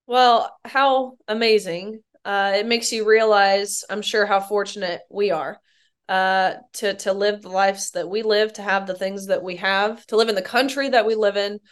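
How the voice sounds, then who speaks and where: Affirming woman interviewer, smooth voice. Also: medium pitch, steady tone, moderate pace. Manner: warm, affirming interviewer with hesitations. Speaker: interview host. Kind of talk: casual interview talk.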